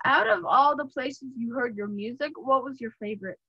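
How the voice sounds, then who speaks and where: A woman's voice: high-pitched, animated, normal speed, bright, forceful tone, husky, no room sound. A woman hosting an interview, asking playful, jokey questions in a casual chat. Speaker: host. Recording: dry, dull lo-fi sound.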